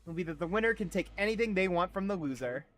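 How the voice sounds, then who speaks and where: Chatty high-voiced male streamer. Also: animated. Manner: chatty, laughs often, reads dialogue aloud fast and loud. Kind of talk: casual game-stream chat.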